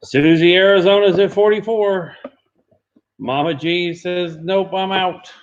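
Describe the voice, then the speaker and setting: Brisk man auctioneering, lo-fi. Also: high-pitched, fairly even intonation. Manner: brisk, repeats bids. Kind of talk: live charity auction stream. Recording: dull lo-fi stream audio.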